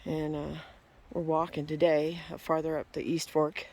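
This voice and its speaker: A woman's voice: low-pitched, little pitch movement, normal speed, a little mellow, a little hiss or hum. A woman vlogging outdoors on a mountain trail, swearing and ranting furiously about the land. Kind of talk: angry outdoor vlog rant.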